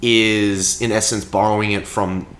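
A man's voice: lowish voice, little pitch movement, a little slow, fairly bright tone, slight background noise. A young man chatting casually about a film he is reviewing, hesitant and full of fillers and restarts. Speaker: podcast co-host reviewing a film.

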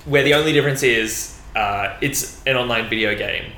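A young man recounts film scenes in a wry, casual way. His bright voice carries a roomy echo, with faint noise underneath. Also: mid-range voice, normal speed. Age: young adult. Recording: echoey room with faint background noise.

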